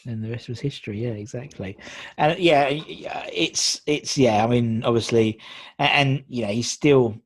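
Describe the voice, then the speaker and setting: A man's voice: medium pitch, no echo. Chatty male host, dry sound. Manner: chatty, quick, full of fillers and restarts. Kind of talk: casual chat.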